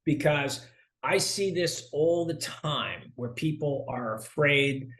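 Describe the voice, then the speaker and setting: Animated middle-aged man telling sales stories. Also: fairly high pitch, slow, slight background noise. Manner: animated storyteller, acts out dialogue. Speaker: sales consultant guest. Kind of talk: conversational interview.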